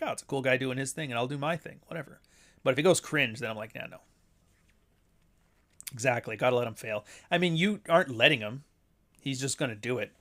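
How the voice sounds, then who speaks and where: A man's voice: mid-range voice, fairly bright tone. Profane ranting man in casual chat. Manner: chuckles between points.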